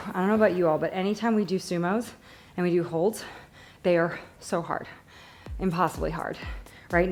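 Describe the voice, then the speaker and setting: Female fitness instructor, mid-pitch, energetic cueing between breaths, light music bed. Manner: upbeat, encouraging, counting reps. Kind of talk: live workout coaching.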